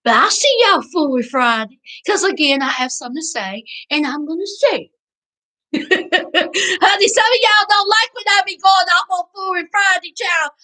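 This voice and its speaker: Woman hosting a live recap; bright, sharp tone, preachy and animated. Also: very high voice, normal speed. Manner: animated, preachy, Southern slang, addresses chat as y'all. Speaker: reality TV recap host. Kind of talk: live-stream commentary.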